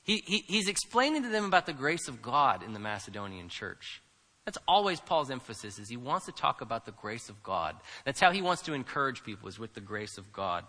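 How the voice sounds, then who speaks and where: A man's voice: medium pitch, sing-song, fairly quick, sharp tone, in a large hall. A man preaching a sermon as pastor, talking in a conversational, emphatic way and asking rhetorical questions, recorded in a church.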